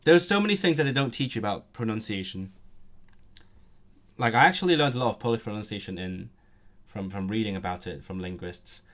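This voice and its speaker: A young man streaming casually, reading aloud and thinking out loud, often stumbling and restarting his sentences. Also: fairly low pitch, animated, brisk. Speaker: language-learning streamer.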